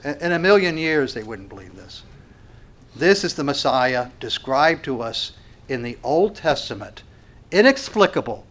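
A man preaching a sermon with passion, swinging from quiet, drawn-out phrases to loud, stressed lines as he reads scripture aloud. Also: mid-range voice. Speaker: pastor.

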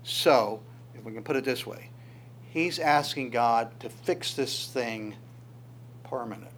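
A man preaching an expository sermon in a conversational, searching way, with quick asides. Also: medium pitch, a little hiss or hum.

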